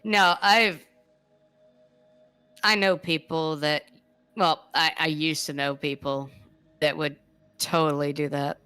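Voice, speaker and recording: A woman streamer chatting casually with a co-host and her chat, blunt and quick to swear. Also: deep voice, steady tone, pushed and bright, clear, resonant tone, soft background music. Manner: blunt, swears a lot, laughs often.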